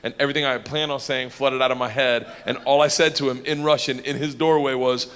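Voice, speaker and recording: A man telling an animated, rowdy stand-up story before a live audience, breaking into laughter and shouts. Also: medium pitch, fast talker. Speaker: stand-up comedian. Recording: long hall reverb with faint noise.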